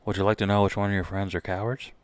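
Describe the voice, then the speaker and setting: A man's voice: on the low side, level tone, racing. A man co-hosting a casual live reaction stream, rambling about films with lots of swearing and laughter. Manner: profane, rambling, laughs a lot. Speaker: co-host.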